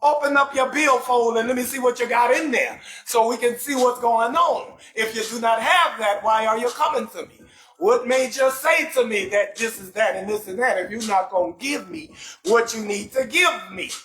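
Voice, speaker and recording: High, loud New Orleans man. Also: normal speed, echoey room. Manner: loud, animated, often shouting, profane. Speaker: talk show host. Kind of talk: live comedy talk show, reading viewer comments.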